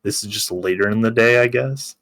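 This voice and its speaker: Guy on a podcast, lowish voice, dry close sound, laughs a lot while he talks. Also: brisk, a bit bright, no room sound. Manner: laughs while talking, acts out quotes. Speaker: podcast co-host. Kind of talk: casual chat.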